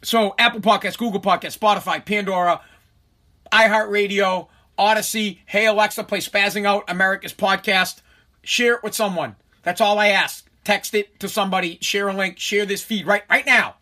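A man's voice: high voice, steady tone, moderate pace, bright, forceful tone. A man hosting a casual solo podcast from his home basement, ranting animatedly, swearing and laughing at himself. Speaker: podcast host.

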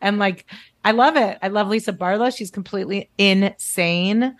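A woman's voice: medium pitch, normal speed, dry recording. A woman talking as a guest on a podcast in casual chat, gushing and acting out little quotes. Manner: animated, gushing, acts out quotes.

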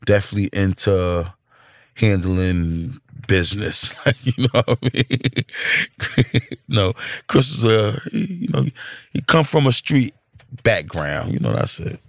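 A middle-aged man with a New York accent tells his story in blunt, profane casual talk. His voice is low and gravelly. The sound is dry and close. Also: lively intonation, a little slow, no echo. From Brooklyn, New York. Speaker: rapper interviewee.

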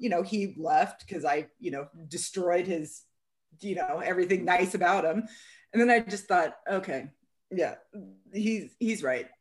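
A woman co-hosting a casual conversation, candidly telling personal stories and acting out what people said. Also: medium pitch. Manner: candid, storytelling, acts out quotes.

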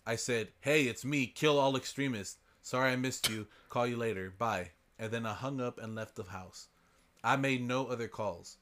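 A man's voice: medium pitch, moderate pace, fairly bright tone. Man casually reading listener stories aloud. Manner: swears freely, reads stories aloud with laughs. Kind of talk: casual podcast chat and story reading.

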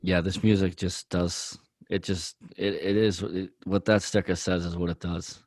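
A man's voice: sits low, little pitch movement, moderate pace, a little mellow, dry recording. A man co-hosting a podcast, talking earnestly in a rambling way with many fillers. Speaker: podcast co-host. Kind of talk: casual chat.

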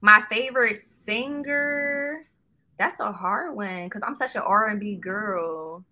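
A young woman guest in a casual interview chat, relaxed and candid, laughing a lot. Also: medium pitch, slow.

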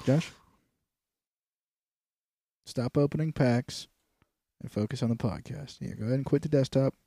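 A man's voice: mid-range voice, a little slow, creaky, mellow, no echo. A young man co-hosting a casual comedy podcast, joking in crude slang and calling people dude and dog. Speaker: podcast co-host.

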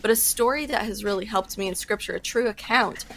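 A woman speaking as a podcast guest, giving earnest faith testimony in casual talk with quick bursts and fillers. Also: medium pitch, fairly bright tone. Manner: earnest, fast-talking with fillers.

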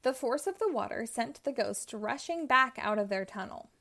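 A woman reading a children's storybook aloud in a slow, expressive way, lightly voicing the characters. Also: on the high side, vocal fry. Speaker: storybook reader.

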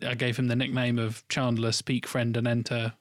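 A man's voice: medium pitch, monotone, normal speed, no room sound. Dry-witted man, close dry sound. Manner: dry, wry remarks. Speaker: podcast co-host. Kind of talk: casual chat.

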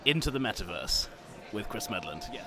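A man's voice: on the low side, very animated, moderate pace, bright, forceful tone. A man co-hosting a podcast from a bar, teasing his friends with laughing, mock-outraged banter. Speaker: podcast co-host. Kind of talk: casual banter.

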